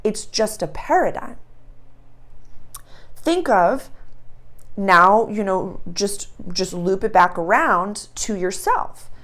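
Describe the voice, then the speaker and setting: A woman hosting an astrology channel, talking in a casual, animated spiritual monologue and acting out little scenes. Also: medium pitch, slow pace, long pauses. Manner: animated storytelling, acts out voices.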